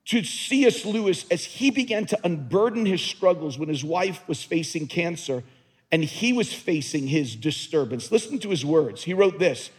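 Animated and at normal speed, a pastor preaches earnestly in a high, husky voice. He keeps doubling back on his words to drive the point home, and his sermon rings with the long reverb of a large hall.

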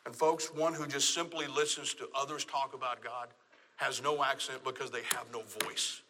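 A man's voice: mid-range voice, flat delivery, normal speed, big-room sound, noisy background. A man from Texas with a Texan accent, preaching a sermon with emphatic, repeated phrases. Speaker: pastor.

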